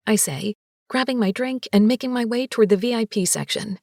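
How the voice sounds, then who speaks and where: A woman narrating a first-person audiobook with a lively, sassy and expressive delivery. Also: medium pitch, a little fast, gravelly, no room sound, studio quality.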